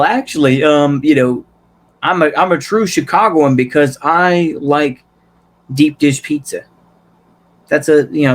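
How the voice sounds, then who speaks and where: A young man from Texas giving a rambling, casual monologue, loosely tagging his points with "you know" and "right?". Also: mid-range voice. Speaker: political commentary vlogger.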